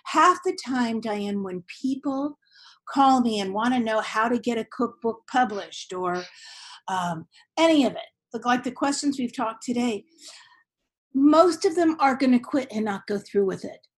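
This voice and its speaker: Chatty high-voiced woman podcast host. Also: unhurried, poor audio. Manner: chatty, animated, laughs often. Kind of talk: casual chat.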